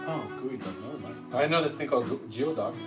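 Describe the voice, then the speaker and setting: A man from San Diego joins a casual cooking livestream from a home kitchen. His voice sits at an ordinary pitch, and he answers in short, easygoing replies. Music plays clearly behind him. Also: fast talker. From San Diego, California, USA. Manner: laid-back, short replies, gives viewer shout-outs. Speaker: livestream co-host. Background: background music.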